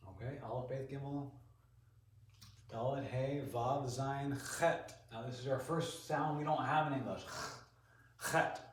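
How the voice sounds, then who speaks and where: A man teaching a class in a relaxed, chatty way, with lots of ums and restarts. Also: medium pitch, slight background noise. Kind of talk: classroom lesson. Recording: roomy echo, voice from far off.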